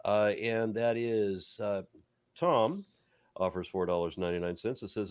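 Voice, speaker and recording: Low-voiced man hosting a panel. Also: fairly even intonation, measured pace, clean tone, dry recording. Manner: reads viewer comments aloud, chuckling. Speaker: host. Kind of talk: casual panel chat.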